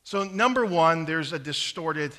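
A man delivers a sermon in a bright, forceful voice that sits a little high for a man. He swings between loud, emphatic stretches and quiet, low asides, with the odd stumble and restart. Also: lively intonation, unhurried. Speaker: pastor.

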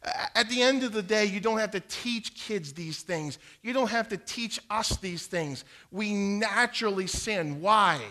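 High bright-voiced man preaching. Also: unhurried, few pauses. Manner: earnest, repeats words when starting sentences; quotes King James Bible verses. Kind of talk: evangelism teaching talk.

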